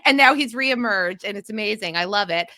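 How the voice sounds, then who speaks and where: A woman's voice: mid-range voice, brisk, dry recording. A woman from the mid-Atlantic US hosting a podcast, chatting casually and laying out a theory at length. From mid-Atlantic region of the US. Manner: animated, laughing, theorizing at length. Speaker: podcast host.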